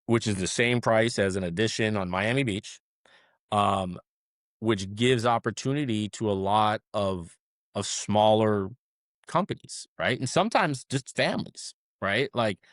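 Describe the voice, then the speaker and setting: A man guest on an interview podcast, telling animated stories and often ending his points with "right?". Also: lowish voice, measured pace, no room sound, studio quality. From South Florida. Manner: animated storyteller, tags many sentences with "right?". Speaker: restaurant management co-founder, guest. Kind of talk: conversational interview.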